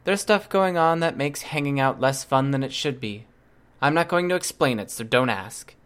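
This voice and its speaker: A man's voice: medium pitch, animated, moderate pace, fairly bright tone, smooth, natural voice. A man reading aloud, voicing a guarded, weary young woman who speaks in clipped, terse replies.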